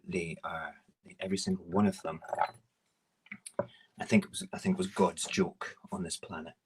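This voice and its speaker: A man's voice: deep voice, level tone, normal speed, pauses often, a little hiss or hum, low-quality recording. A middle-aged man hosting a casual morning stream while cooking in his home kitchen, rambling and self-mocking. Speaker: morning show host.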